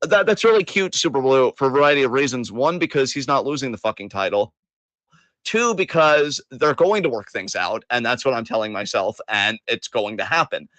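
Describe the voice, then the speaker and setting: A man's voice: mid-range voice, expressive, a little fast, fairly bright tone, dry recording. A man hosting a casual podcast chat, joking, laughing and swearing casually. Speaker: host.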